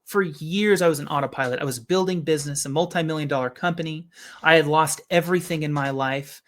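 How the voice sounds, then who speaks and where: A man's voice: on the high side, fast talker, a bit bright. A man giving an earnest motivational talk as a business coach, often asking rhetorical questions.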